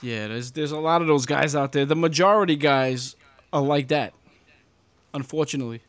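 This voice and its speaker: A man co-hosting a podcast, pressing his points hard and cursing freely. His voice sits a little high for a man. The sound is dry and close. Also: moderate pace, a bit bright, clean tone, dry recording. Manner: emphatic, profane. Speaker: podcast co-host. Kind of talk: casual podcast chat.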